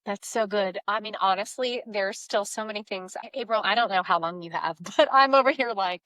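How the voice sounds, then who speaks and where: A woman's voice: mid-range voice, moderate pace, sharp tone, no echo. A woman hosting a podcast, talking casually and reflectively, thinking aloud as she goes. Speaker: podcast host. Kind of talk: casual conversational chat.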